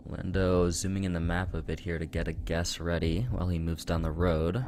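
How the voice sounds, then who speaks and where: A man's voice: low-pitched, flat delivery, a little fast, darkish tone, faint music behind. A man doing upbeat play-by-play for a competitive geography game. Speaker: esports caster. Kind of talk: play-by-play commentary.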